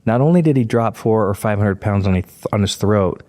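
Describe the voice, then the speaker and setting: A man's voice: fairly low pitch, animated, a little fast, warm tone. A man hosting a podcast interview, chiming in with short remarks and additions to his guest's stories. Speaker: podcast host. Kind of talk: casual conversation.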